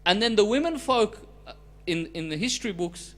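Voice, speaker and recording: A man's voice: sits high, animated, normal speed. Emphatic man preaching a sermon. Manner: swings between loud emphatic lines and soft, hushed ones. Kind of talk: religious storytelling sermon.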